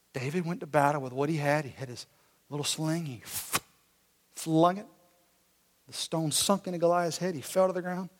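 A man preaching a sermon in a church, retelling a story with animated, casual, slangy delivery, in an echoey hall. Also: a little high. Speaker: pastor.

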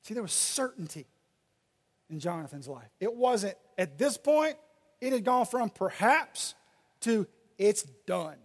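High-voiced man preaching in a hall. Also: lively intonation, a little slow. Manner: preaching with sudden loud and soft swings, reading scripture aloud. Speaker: pastor. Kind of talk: sermon. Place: church sanctuary. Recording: long reverb of a large hall.

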